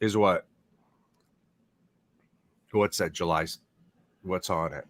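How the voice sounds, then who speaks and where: A man's voice: deep voice, steady tone, slow, no room sound. A man hosting a casual livestream, swearing freely and rambling as he talks through gossip. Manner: profane, rambling, blunt. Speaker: livestream host.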